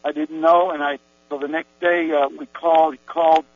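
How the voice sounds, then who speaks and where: Give me a man with a slightly high voice telling his testimony, dry and close-miked. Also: little pitch movement, normal speed, dry recording. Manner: meandering storytelling with many restarts and fillers. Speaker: Christian giving a personal testimony. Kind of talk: rambling spoken testimony. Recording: tinny phone-like recording with mains hum.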